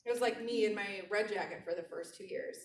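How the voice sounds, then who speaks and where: A woman's voice: mid-range voice, slight background noise. Woman coaching a room, handheld mic. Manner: animated, repeats key phrases slowly. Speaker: sales trainer. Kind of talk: motivational talk to a live audience. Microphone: handheld mic held away from mouth. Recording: roomy, distant handheld mic.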